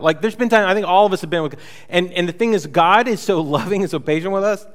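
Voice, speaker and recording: Conversational pastor, slightly high voice. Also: male voice, fast. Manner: conversational, acts out paraphrased voices of the prophet with rhetorical asides. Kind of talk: sermon.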